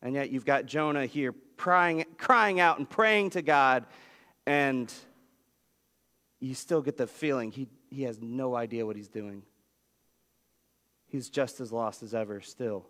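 A man preaching a sermon as pastor, telling a story with lively swings in pitch. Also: measured pace, pauses often. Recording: long reverb of a large hall.

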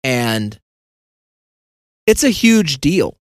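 Speaking extremely slowly with big pitch swings, this medium-pitched man hosts a podcast and wanders through a lengthy story. He pokes fun at himself in a casual way and performs the dialogue he quotes. There's no room sound on the recording.

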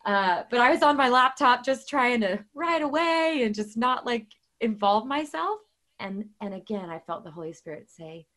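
A woman's voice: mid-range voice, a bit bright. A woman guest and author talking casually about faith, earnest and chatty, with many fillers and restarts. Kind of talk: casual faith talk with storytelling.

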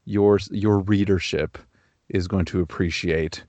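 A man's voice: deep voice, steady tone, a little slow, a little mellow, no echo, lo-fi sound. A man hosting a casual podcast, offering opinions in long, thoughtful run-on sentences. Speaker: podcast host.

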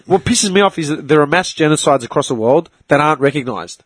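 Brief: man, animated storyteller, high voice, dry mic. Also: quick pace, dry recording. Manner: animated, swears freely, tells stories with put-on voices. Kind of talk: casual podcast chat.

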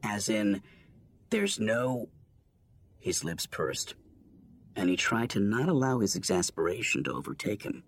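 A man reading a story aloud, narrating with expressive delivery and voices for the characters. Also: moderate pace. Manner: expressive, shifts pitch for voices. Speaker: audiobook reader.

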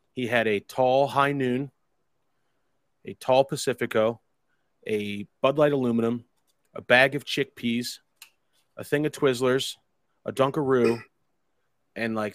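A man with a medium-pitched, fairly bright voice, recorded dry, casually tells a long, rambling anecdote. He swears freely and stays wry about it, quoting dialogue as he goes.

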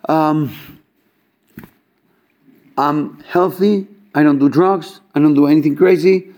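A man's voice: fairly high pitch, slow. A man telling a story at a casual gathering, talking loosely with many fillers and acting out the people in it. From Chabad yeshiva student background. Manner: animated, acts out quoted dialogue, many fillers.

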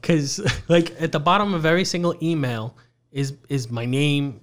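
A man's voice: a little high, normal speed. A man co-hosting a podcast in casual chat, ranting and swearing as he tells irritated stories. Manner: profane, ranting, irritated storytelling. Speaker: podcast co-host.

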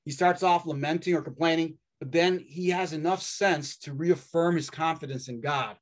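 A man delivers a sermon with a slightly higher-than-usual voice. He preaches in a wry, conversational way, leaning on dramatic pauses and dry asides. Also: fairly even intonation.

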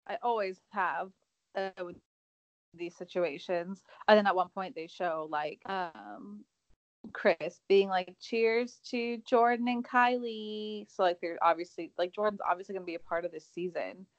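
A young woman with a fairly low voice keeps chiming in with agreement during a celebrity gossip chat. Her sound is muffled and lo-fi, close and dry. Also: no room sound. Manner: agreeable, chatty, quick to chime in. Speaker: co-host. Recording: dull lo-fi sound.

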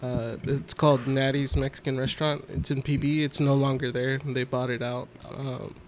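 A man's voice: medium pitch, flat delivery, normal speed, a little hiss or hum. A man co-hosting a podcast, talking about his first job in a laid-back way with some hesitant fillers. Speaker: podcast co-host. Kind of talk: casual chat.

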